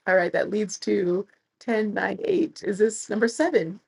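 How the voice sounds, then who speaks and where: A woman in her thirties, a travel creator telling stories casually and animatedly, with a husky voice. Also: mid-range voice, measured pace, poor audio. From United States. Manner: animated, chatty storyteller who laughs and acts out quotes. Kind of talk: casual storytelling to camera.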